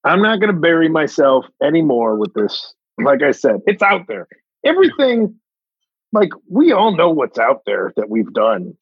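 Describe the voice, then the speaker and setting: A man's voice: fairly high pitch, huge pitch swings, normal speed, creaky, breathy edge, no echo, muffled recording. A man who is a comedian guest, joking and swearing in casual chat.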